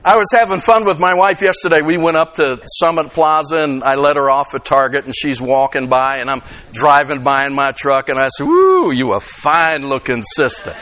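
A man in his sixties preaching an animated, conversational sermon, checking in with his listeners and acting out quoted lines. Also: a little high, a little fast, hardly any pauses. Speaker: pastor.

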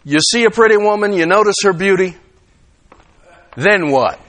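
Pastor, man, 60s; bright, high voice that leaps all over; chatty, animated sermon delivery. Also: normal speed. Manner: animated, checks in with listeners, acts out quotes. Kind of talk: conversational sermon.

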